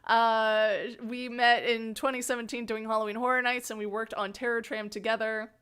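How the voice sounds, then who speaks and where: A young woman hosts a casual livestream chat with a fellow scare actor. Her voice is bright and a little high, and she tells her stories animatedly, laughing often and acting out the voices of the people she describes. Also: flat delivery, moderate pace, clean tone.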